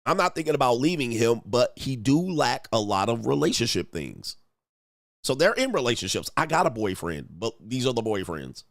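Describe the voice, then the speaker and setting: Animated man reacting in casual commentary. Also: mid-range voice, normal speed, gravelly, no echo, clean studio sound. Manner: animated, slangy, mocks others in put-on voices. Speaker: relationship commentary host.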